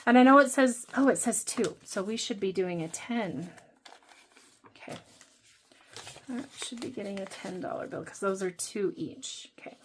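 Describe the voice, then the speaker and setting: A woman's voice: mid-range voice, normal speed, a little hiss or hum. A woman hosting a budgeting channel, chatting casually and thinking aloud while she counts and scratches off savings challenges.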